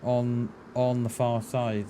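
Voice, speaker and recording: A man's voice: mid-range voice, monotone, slow, dark tone. A man with a light, washed-out Mid Welsh accent and a mid-range voice talks loosely through a game stream. He drifts between musing on plans and calling out what he sees, and he answers viewers with an easy "mate". A faint hum sits under his voice. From Mid Wales. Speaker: live streamer. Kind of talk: casual gaming commentary.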